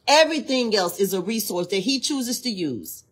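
A woman's voice: medium pitch, lively intonation, normal speed, breathy edge. A woman leading an informal devotional livestream. She preaches fervently, repeats phrases for emphasis and urges listeners to say lines back to her. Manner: reads from a text between spontaneous exhortations. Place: indoors near a hallway.

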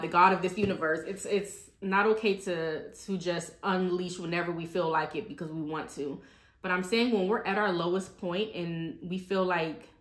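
A woman's voice: on the low side, a bit bright. A woman hosting a ministry talk, giving an earnest personal faith testimony in a conversational way and speaking to listeners as y'all. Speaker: ministry host. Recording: echoey room.

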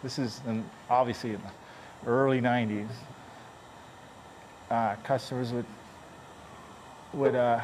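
A man's voice: medium pitch, fairly even intonation, moderate pace, long pauses, darkish tone, slight background noise. A man chatting and joking as he repairs a car dent, grumbling under his breath now and then. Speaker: paintless dent repair technician. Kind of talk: casual running commentary while working.

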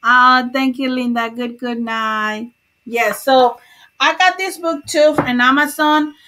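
A woman's voice: sits high, slow, pushed and bright. A woman hosting a crochet livestream, chatting casually, greeting viewers by name and laughing often.

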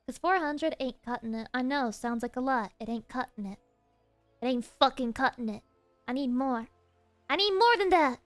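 A young woman with a Southern US accent, chatting casually with viewers while streaming a game, animated and swearing freely. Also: normal speed, no echo, faint music behind. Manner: animated, swears a lot, jumps between high playful voices and low mutters. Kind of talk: casual live-stream chat while gaming.

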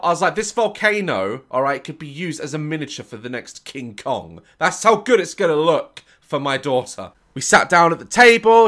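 A man's voice: high-pitched, bright, forceful tone. A man in his thirties, hosting a reaction video and telling a sweary, comic story in casual chat.

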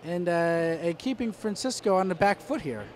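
A man's voice: high-pitched, animated, moderate pace. Hesitant male boxing commentator, noisy arena. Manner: hesitant, many fillers and restarts; dry, wry asides. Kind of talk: live fight commentary.

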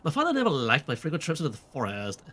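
A man's voice: on the high side, huge pitch swings, fast talker, sharp tone, heavily acted. Man doing a young woman diarist, valley girl slipping into a southern drawl, dreamy. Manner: drawling, peppered with "like, totally". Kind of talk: reading in-game notes aloud in a put-on voice.

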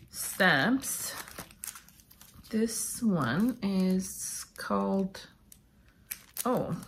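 A woman from Canada opening a parcel of craft supplies, chatting casually and gushing with thanks, a little unwell and clearing her throat. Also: lowish voice, a little hiss or hum. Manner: gushing, slow and chatty, frequent thank-yous. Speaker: crafting vlogger opening happy mail. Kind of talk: casual unboxing chat.

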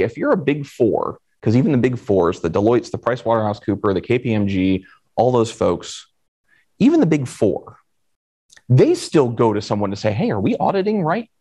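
A man from Florida gives a conference talk conversationally, putting questions to the audience. His voice is medium-pitched with a darkish tone.

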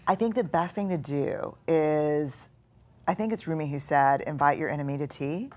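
A woman with a notably low voice speaks earnestly and reflectively, letting her words sink to a hushed softness at times. She is a guest talking through ideas in a live conversation. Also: normal speed. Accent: Texan. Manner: earnest, reflective, drops to soft quiet tones.

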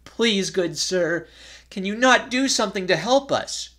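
A man's voice: high-pitched, animated, unhurried, sharp tone, pitched above the performer's own voice, heavily acted. A man doing sobbing, pleading old parents. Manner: pleading, tearful. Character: grieving old parents, choked with sobs.

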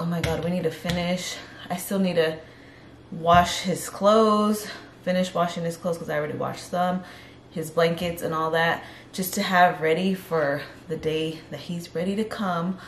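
A woman's voice: lowish voice, echoey room, a little hiss or hum. A young pregnant woman chatting casually on her vlog, out of breath and rambling as she corrects herself. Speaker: vlogger.

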